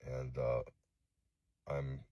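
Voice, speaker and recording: Man, extremely deep voice, husky, from Los Angeles, halting and profane, distraught. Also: flat delivery, no room sound, muffled recording. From East Los Angeles. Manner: halting, profane, remorseful, many fillers. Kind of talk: emotional apology video.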